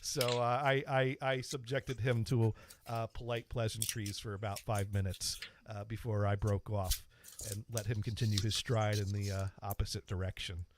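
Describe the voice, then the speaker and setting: A man's voice: on the low side, level tone, moderate pace, noisy background. A man hosting a podcast, casually telling a long self-deprecating anecdote with frequent stops and restarts. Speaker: podcast host. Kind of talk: casual storytelling.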